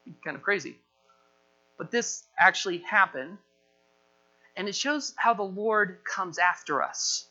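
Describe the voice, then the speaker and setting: A man preaching a sermon as pastor, animated and acting out the voices he quotes. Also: high-pitched, a little slow, pauses often, muffled recording.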